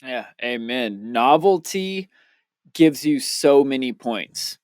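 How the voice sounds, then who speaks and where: Young guy on a podcast, swears a lot, gets all hyped, smooth clean voice, dry sound. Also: mid-range voice, takes it slowly, no echo. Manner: loose, profane, excitable storyteller. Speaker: podcast co-host, DJ. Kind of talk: casual podcast chat.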